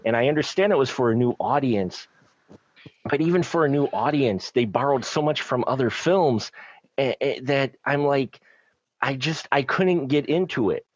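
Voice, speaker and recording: A man's voice: medium pitch, moderate pace, no room sound. A man on a film review podcast panel, talking at length in a rambling, emphatic way with frequent restarts. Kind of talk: casual film review chat. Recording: dry, muffled lo-fi audio.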